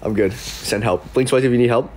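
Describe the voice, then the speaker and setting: With a steady, medium-pitched voice at normal speed, a young livestream host tells meandering stories full of fillers and restarts, and background noise can be heard. He imitates the people he quotes using mock voices.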